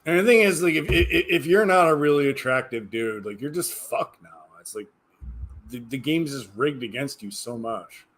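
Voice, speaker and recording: A man talks on a livestream in a loose, rambling way at an ordinary mid pitch. He sounds tired, restarts his sentences and lets them trail off into quiet mumbling. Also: moderate pace. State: tired, yawning. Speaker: livestreamer reading chat. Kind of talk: casual livestream chat.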